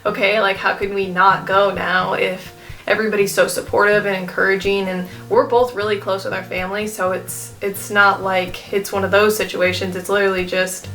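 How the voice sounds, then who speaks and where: A young woman chats to her camera in a loose, rambling way, full of fillers and restarts. Her voice is bright and clear, and she sounds emotional, close to tears. Soft guitar music plays faintly behind her. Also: mid-range voice, level tone, normal speed. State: tearful, emotional. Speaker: vlogger. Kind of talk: casual chat to camera.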